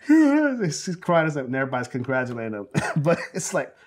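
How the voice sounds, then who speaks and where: A man in his forties from South Central Los Angeles, a film director telling anecdotes in an interview, animated and full of fillers, acting out quotes. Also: mid-range voice, fast, a crowd in the background. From South Central Los Angeles, USA. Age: 40s. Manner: animated storyteller, acts out quotes, many fillers. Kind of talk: oral history interview, anecdotal storytelling.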